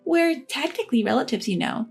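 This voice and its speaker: Brief: woman doing a condescending, self-centered sister-in-law, higher-pitched and insistent. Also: expressive, brisk, creaky, husky, soft background music, full character voice. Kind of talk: storybook narration.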